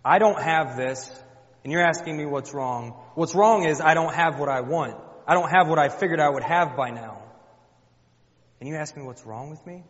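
A grieving, childless woman lashes out in loud, anguished accusations, her voice pushed high and strained as a male preacher acts her out. The sound is dull and muffled, with a long reverb trailing through a big hall. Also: fast talker, hardly any pauses, natural voice. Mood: accusing. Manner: raised, anguished accusing outbursts.

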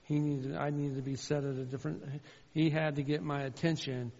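Gravelly pastor with hall echo. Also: male voice, a little high, flat delivery, brisk. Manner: swings from loud fervent calls to quiet storytelling. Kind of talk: sermon. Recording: dull sound with long hall reverb.

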